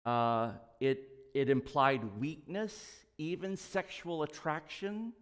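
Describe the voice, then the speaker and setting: A man's voice: fairly high pitch, animated, slow pace, clean tone, big-room sound. A man preaching a sermon in a casual, conversational way, full of asides and small jokes. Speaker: pastor. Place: church sanctuary.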